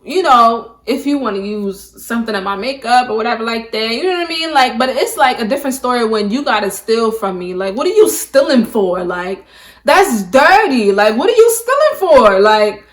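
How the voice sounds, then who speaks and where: This beauty vlogger, a young adult woman, tells her camera a casual story in a fairly high, animated voice at normal speed, recorded on the camera mic. She speaks emphatically and fills her talk with "like."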